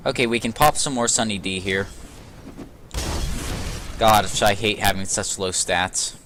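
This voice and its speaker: A young man with a fairly low voice gives casual gameplay commentary into a desk mic. He jokes and swears as he plays, sarcastic but easygoing. A faint hiss sits under the voice. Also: measured pace. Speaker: let's play host.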